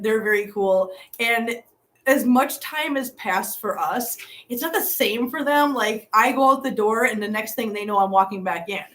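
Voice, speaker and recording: Middle-aged woman, livestream host, rambling casual chat, a bit high-pitched, hotel room. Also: a bit bright. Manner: rambling, repeats herself, reads viewer comments aloud. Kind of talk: casual live-stream chat.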